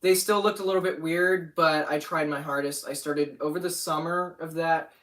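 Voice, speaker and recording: A man's voice: fairly high pitch, fairly even intonation, moderate pace, fairly bright tone, distant mic. A young man rambling casually about his animation channel on a livestream, often getting sidetracked. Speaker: channel owner.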